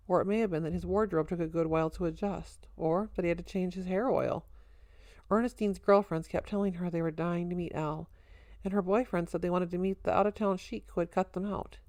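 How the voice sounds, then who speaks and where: A woman narrating a story in an even, wry storytelling manner. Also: lowish voice, no room sound. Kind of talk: audiobook narration.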